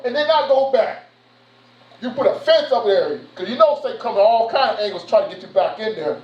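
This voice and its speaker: A man preaching a sermon, animated and conversational with street slang. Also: sits high, a little fast. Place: church sanctuary. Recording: echoey room from far off, muffled.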